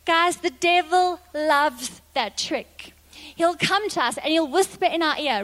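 A woman preacher telling a story in a sermon, in a lively, dramatic way. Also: very high-pitched, unhurried.

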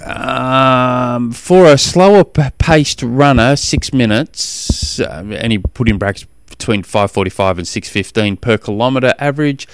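A man's voice: medium pitch, unhurried, hardly any pauses, clear, resonant tone. A man with an Australian accent hosts a podcast in casual chat. He rambles along with frequent restarts. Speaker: podcast host.

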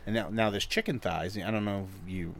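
A man's voice: fairly quick, gravelly. A middle-aged man telling a long, profane story in casual chat, often mimicking others. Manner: animated, profane storyteller who mimics others in high voices.

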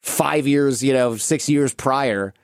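An American man in his late thirties, a podcast guest telling lively stories with quick asides. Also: medium pitch, no echo, studio quality. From United States. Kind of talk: storytelling interview.

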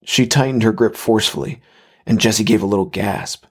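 Husky low-voiced male horror narrator. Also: moderate pace.

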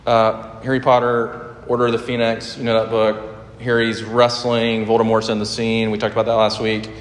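Earnest preacher in an echoey hall. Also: male voice, monotone, normal speed. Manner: earnest, with surges of pitch and loudness for emphasis. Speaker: pastor. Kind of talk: sermon. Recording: echoey hall with long reverb.

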